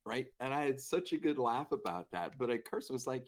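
A man's voice: mid-range voice, lively intonation, fairly quick, few pauses. Man telling a casual, self-deprecating story. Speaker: speaker telling a personal story. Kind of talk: conversational storytelling.

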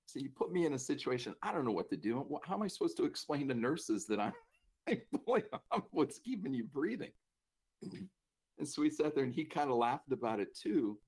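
A man recounts a personal memory conversationally, his voice mid-pitched and ordinary. He talks in a loose, self-deprecating way, with restarts and bursts of laughter along the way. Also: expressive, fast, a little mellow. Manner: casual, self-deprecating, laughs through the telling. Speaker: speaker telling a personal story. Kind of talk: conversational storytelling.

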